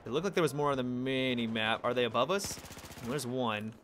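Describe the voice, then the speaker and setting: A young man gives casual, joking commentary over his own gameplay, excitable and laughing, with sudden high squeals of surprise. He talks a little fast, and there's a little hiss or hum in the recording.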